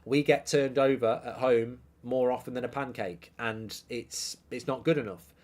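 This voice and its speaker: Man, middle-aged, football stream host, brash, jokey, opinionated, medium pitch. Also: steady tone, moderate pace, darkish tone. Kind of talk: live-stream football chat, reading viewer comments.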